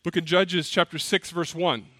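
Male pastor, high voice, dry close sound, animated sermon storytelling. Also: moderate pace, dry recording. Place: church.

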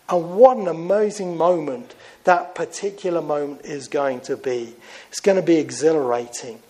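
Fervent preacher man, fairly high voice. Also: normal speed, poor audio. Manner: swings from fervent raised emphasis to hushed low tones. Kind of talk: sermon. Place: chapel.

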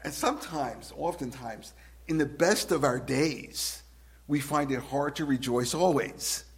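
A man preaching a sermon as a pastor, swinging from loud emphasis to hushed, drawn-out words and asking his listeners direct questions. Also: medium pitch. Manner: asks the congregation direct questions.

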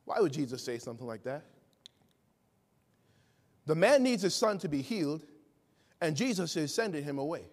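A man delivers a sermon in a high, ringing voice. He leans on rhetorical questions and acts out the people he quotes. The sound carries a long reverb, as from a church sanctuary. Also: sing-song, normal speed, long pauses. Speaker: preacher.

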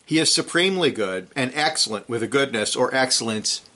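A man preaching an expository sermon, reading scripture and explaining Greek words in a measured way. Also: medium pitch, expressive, bright, forceful tone.

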